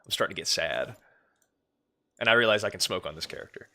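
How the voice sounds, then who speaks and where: A man's voice: sits low, lively intonation, quick pace, pushed and bright. A young man chatting casually on a livestream, rambling and swearing now and then. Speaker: streamer.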